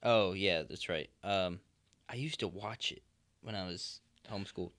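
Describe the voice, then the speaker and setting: Low-voiced young man, playful co-host. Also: normal speed, no room sound, studio quality. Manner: laughing, playful, trails off quietly. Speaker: podcast co-host. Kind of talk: casual chat.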